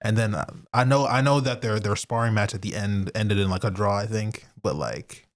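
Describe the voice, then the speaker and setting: A man's voice: fairly low pitch, moderate pace. A young man co-hosting a podcast in casual chat, rambling with lots of fillers and frequent laughs. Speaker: podcast co-host.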